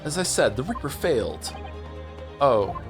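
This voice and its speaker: A man's voice: mid-range voice, very animated, a little slow. A man reading a game aloud, voicing a cold, haughty aristocratic British prosecutor with formal old-fashioned diction. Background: game music.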